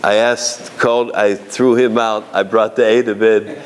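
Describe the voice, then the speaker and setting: A rabbi telling a story from his own work as an arbiter, in a lively manner with asides and restarts. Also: on the low side, a little slow. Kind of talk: storytelling talk to an audience.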